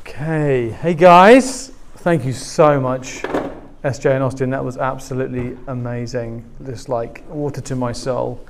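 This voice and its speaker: A man's voice: medium pitch, fairly even intonation, unhurried, a little hiss or hum. A man with an English accent, preaching a sermon to a live congregation and joking with them as he goes. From England. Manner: warm, joking, talks with the congregation. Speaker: pastor. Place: church hall with a live congregation.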